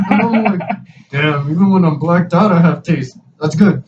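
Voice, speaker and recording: A man's voice: fairly high pitch, moderate pace. Profane young man telling a rambling story. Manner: profane, rambling, animated retelling with quoted dialogue. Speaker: podcast host. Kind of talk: casual storytelling chat. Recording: distant mic, dull lo-fi sound with clear background hiss.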